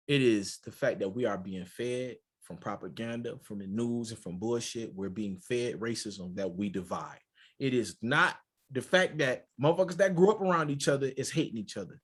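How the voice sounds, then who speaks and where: A man from Michigan, a podcast co-host, telling a story in casual, profane and animated chat. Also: mid-range voice, husky. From Port Huron, Michigan.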